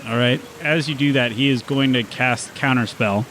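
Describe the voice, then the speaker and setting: Man game master, easygoing narrator, mid-pitched, casual. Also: normal speed, fairly bright tone, slight background noise.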